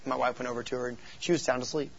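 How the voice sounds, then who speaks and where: Gravelly-voiced man telling youth-ministry stories. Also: mid-range voice, very fast, muffled recording. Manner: animated storytelling, acts out voices in quotes. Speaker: youth pastor. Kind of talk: talk to youth workers.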